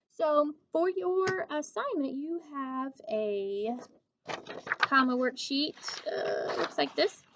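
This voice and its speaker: A woman teacher giving a grammar lesson to young children, speaking slowly and clearly and checking in with "okay?". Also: high voice, slight background noise. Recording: dull lo-fi recording.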